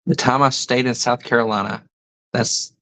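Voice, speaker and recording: A man's voice: mid-range voice, fairly even intonation, normal speed, creaky, bright, forceful tone, low-quality recording. A middle-aged man hosting a casual live stream, reading viewer comments aloud and musing about pronunciations with frequent chuckles. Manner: rambling, chuckles often, muses on pronunciations.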